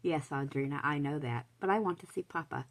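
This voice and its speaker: A woman reading aloud, voicing a spiteful young woman who taunts in a smooth, mocking tone. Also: low voice, fairly quick, rough recording. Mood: silky.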